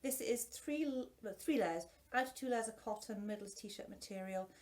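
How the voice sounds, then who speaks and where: A woman's voice: medium pitch, normal speed, a little mellow. A woman and singing teacher chatting through a face mask, self-deprecating and full of restarts, her voice a little muffled. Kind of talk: casual product review.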